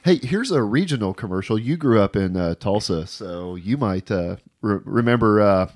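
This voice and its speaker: A man chatting casually as a podcast co-host, easygoing, laughing often and filling pauses with "uh". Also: fairly low pitch, expressive, a little mellow, dry recording, clean studio sound. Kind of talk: casual chat.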